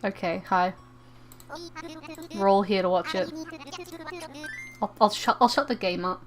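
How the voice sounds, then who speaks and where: A young woman streaming a game, chatting casually in an excitable, rambling way, often stammering and repeating herself. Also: medium pitch, a little slow. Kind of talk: casual live-stream chat while gaming.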